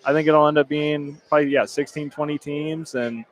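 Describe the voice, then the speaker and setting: A man's voice: a little high, steady tone, moderate pace, poor audio. A young man in his twenties, a former college football player, chatting easily in a radio interview with lots of "like" fillers. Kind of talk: casual interview. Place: stadium club event.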